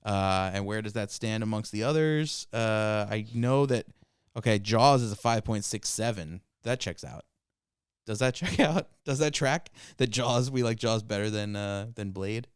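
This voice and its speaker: A man's voice: on the low side, measured pace, smooth, no room sound, studio quality. A man hosting a casual podcast chat, laughing often and talking loosely with lots of fillers. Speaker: podcast host.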